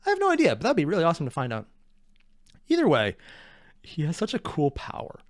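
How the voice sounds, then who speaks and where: A man's voice: fairly high pitch, wildly swooping pitch, quick pace, dry recording, clean studio sound. A man hosting a reaction video, rambling in a casual, self-deprecating way.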